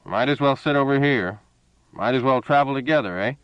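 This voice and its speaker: A man's voice: mid-range voice, brisk, clear, resonant tone, no echo, lo-fi sound, pitched above the performer's own voice, lightly acted. A man voicing a drunken, boastful older army colonel who talks in a slurred, blustering way.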